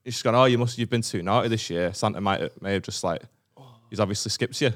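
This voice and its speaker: A man's voice: fairly low pitch, fast talker. A man telling a childhood story on a comedy podcast, self-mocking, swearing and laughing. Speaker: podcast co-host.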